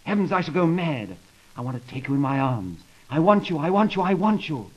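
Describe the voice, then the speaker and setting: A man's voice: a little high, big pitch swings, brisk, dull audio. A man playing a lovesick young man-about-town in a 1930s comedy sketch, talking in a gushing, theatrical way on an old record.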